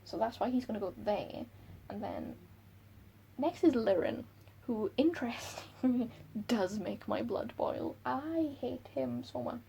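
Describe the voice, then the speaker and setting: A woman book vlogger chatting casually and excitably about characters she loves and hates. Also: a little high, creaky, slight background noise, rough recording. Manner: gushing, excitable, quick laughs. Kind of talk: casual chat.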